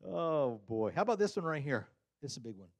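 This man's sermon is relaxed and comic, delivered at a quick pace. He is lively, chuckles a lot, and performs quoted lines with sudden high pitch jumps.

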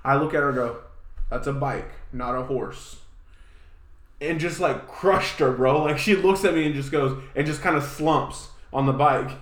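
A man's voice: a little high, moderate pace, hardly any pauses, a bit bright, echoey room. A man co-hosting a podcast, telling rambling stories in casual chat and laughing often. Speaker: podcast co-host.

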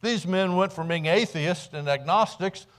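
A man's voice: high voice, normal speed, fairly bright tone. A Midwestern American man preaching a sermon in a church, telling the story conversationally and often restarting his words. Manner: conversational storytelling, dramatic acted quotes; repeats words when restarting. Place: church sanctuary.

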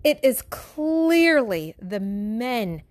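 A woman's voice: a little high, sing-song, extremely slow, no room sound. A mother and wife speaking frankly to her listeners in a candid monologue, blunt and swearing freely. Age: adult with children. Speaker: mother and wife hosting a show.

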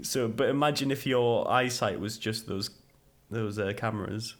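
A man's voice: on the low side, normal speed, fairly bright tone, slight background noise. A man co-hosting a casual chat who laughs often and stammers through restarts. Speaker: podcast co-host.

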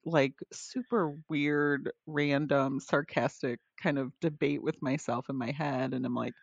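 A woman's voice: sits low, measured pace, gravelly, few pauses, dry recording, highs cut off. A woman co-hosting a podcast in casual chat, reflective and thinking aloud as she goes. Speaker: podcast co-host.

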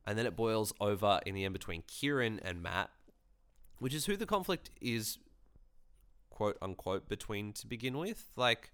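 A man with a lowish, bright and crisp voice recaps a reality show in relaxed podcast chat. He is wry, swears offhandedly and acts out the lines he quotes. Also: moderate pace. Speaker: podcast co-host.

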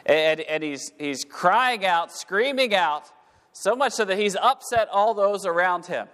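A man's voice: high-pitched, expressive, measured pace, a bit bright. A man preaching a sermon in a church, reading scripture in old-fashioned wording and then explaining it, often repeating words as his delivery builds. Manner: repeats words while rising to fervent emphasis. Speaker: pastor. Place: church sanctuary. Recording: echoey hall.

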